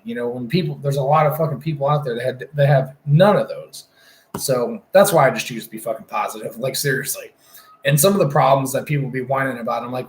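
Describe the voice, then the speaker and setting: A young man talks to his live chat in a rambling, easily sidetracked way, peppering it with swearing. His voice sits at an ordinary middle pitch. The sound has a noticeable roomy echo. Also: a little fast. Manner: rambling, profane, easily distracted. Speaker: livestreamer. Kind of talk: casual livestream chat.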